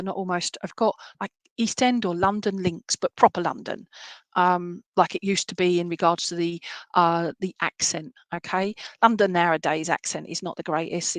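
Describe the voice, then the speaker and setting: A woman's voice: mid-range voice, no echo. Chatty woman medium, dry close sound. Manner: chatty, rambling, many fillers and restarts. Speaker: psychic medium. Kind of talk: live-stream psychic reading.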